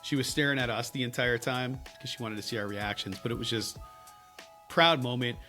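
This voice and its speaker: A man co-hosting a podcast, telling stories in casual chat with lots of laughs and lively swings. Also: medium pitch, brisk, soft background music. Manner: animated, laughing storyteller. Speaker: podcast co-host.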